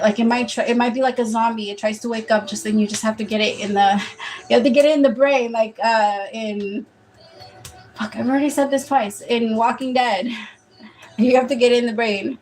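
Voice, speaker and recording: A woman's voice: on the high side, darkish tone. A woman giving a casual live-stream tarot reading, chatty and rambling, swearing offhand and laughing often. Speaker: tarot reader.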